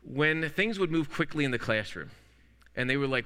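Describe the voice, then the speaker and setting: A male pastor preaches in a bright, crisp voice, and his words carry a long reverb from the church sanctuary around him. He leans on story-driven delivery and spins little jokes out of twisted sayings. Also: a little high, animated, brisk. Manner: anecdotal storytelling with playful wordplay. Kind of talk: sermon.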